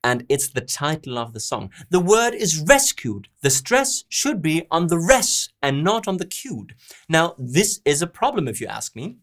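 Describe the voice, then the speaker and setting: A man's voice: fairly high pitch, big pitch swings, normal speed, a bit bright. A man hosting a songwriting lesson, walking through a song's lyrics and chords and sounding out rhythms and stresses. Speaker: host and songwriting teacher. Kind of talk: song analysis lesson.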